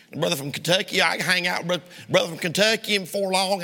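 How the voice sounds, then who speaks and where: A Southern US man delivering a sermon from the pulpit, emphatic and pressing, sometimes rising to a shout. His voice sits high with a sharp, bright edge and some gravel in it. The sound rings with the long reverb of a church hall. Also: fairly quick, few pauses. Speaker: preacher. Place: church sanctuary.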